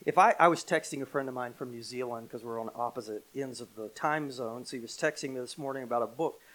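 A middle-aged American man preaching a sermon, emphatic, slowing and swelling on key phrases. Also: medium pitch, fairly bright tone, low-quality recording. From United States. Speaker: pastor.

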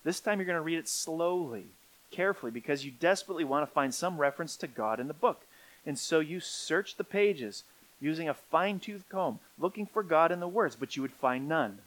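A middle-aged man preaching a sermon, swinging from quiet, low stretches up to emphatic peaks. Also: animated, a little fast, low-quality recording. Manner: rising to emphatic peaks, then dropping quiet. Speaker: pastor.

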